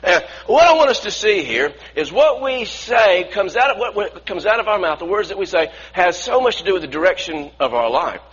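A man's voice: high voice, very animated, brisk, hardly any pauses, a bit bright, husky, dull audio. A man preaching a sermon earnestly, often restarting phrases and asking the congregation to repeat lines after him.

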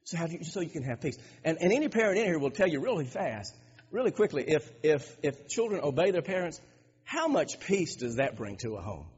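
Male pastor, sermon delivery, high husky voice, emphatic with stumbling restarts; lo-fi church hall recording. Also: very animated, a little fast, darkish tone. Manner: emphatic, repeats words and restarts phrases. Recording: dull lo-fi recording with long hall reverb.

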